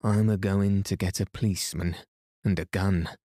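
A man voicing a stubborn, gruff working-class manservant who speaks in a low, firm, rustic way, in a bedtime storybook. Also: fairly even intonation, moderate pace, mellow, no echo, clean studio sound, lightly acted.

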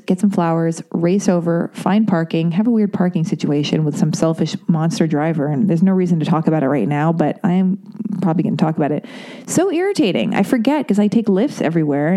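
Young woman host, mellow tone, rambling anecdote with frank swearing and side remarks. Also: medium pitch. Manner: chatty, profane, lots of fillers and asides. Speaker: podcast host. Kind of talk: casual storytelling monologue.

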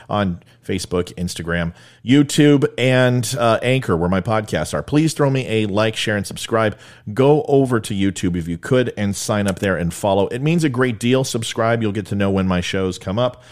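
A man hosts a political commentary talk show in a blunt, opinionated, informal way. His voice is somewhat low, and he speaks directly to his audience. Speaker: podcast host.

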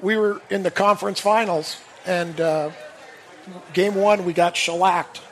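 A man's voice: high voice, steady tone, unhurried, a bit bright. A middle-aged man, a former hockey player and guest, telling dry, funny stories in casual chat, laughing and quoting others. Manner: wry, laughs through stories, quotes others.

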